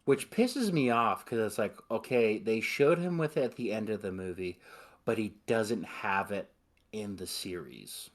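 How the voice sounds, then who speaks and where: Excited, profane man with a low voice. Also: a little slow. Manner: excited, profane, quotes movie lines in put-on voices. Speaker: podcast host. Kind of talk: casual movie chat.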